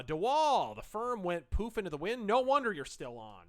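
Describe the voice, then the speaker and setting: A man's voice: sits high, very animated, fairly quick, few pauses. A man hosting a livestream, reading chat messages aloud and commenting in a snarky, profane, sarcastic way.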